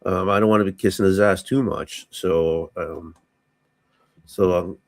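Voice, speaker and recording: A hoarse man playing a tabletop game, hesitant and thinking aloud with many ums. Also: low voice, steady tone, measured pace, dry recording. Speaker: player.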